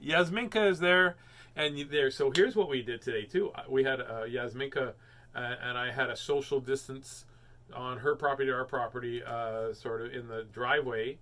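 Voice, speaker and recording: A man hosts a home show where he reads children's books, chatting casually and rambling with lots of jokes and fillers. His mid-range voice moves at a moderate pace and sounds pushed and bright.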